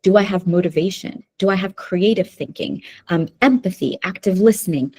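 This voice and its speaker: Mellow-voiced woman presenting a webinar. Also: lowish voice, moderate pace, breathy edge. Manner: talks to the audience with frequent "okay?" and "right?" checks. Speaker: workshop presenter. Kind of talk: live webinar lecture. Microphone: video call.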